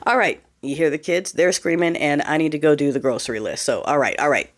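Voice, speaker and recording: A woman in her forties telling a personal story in a casual vlog, candid, exasperated and animated. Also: low-pitched, fairly quick. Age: 40s. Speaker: vlogger.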